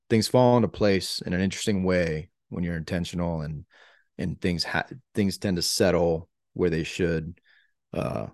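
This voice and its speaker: A man's voice: low-pitched, darkish tone, no room sound, clean studio sound. A man co-hosting a podcast, talking earnestly and motivationally in a casual chat, with lots of filler words. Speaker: podcast co-host.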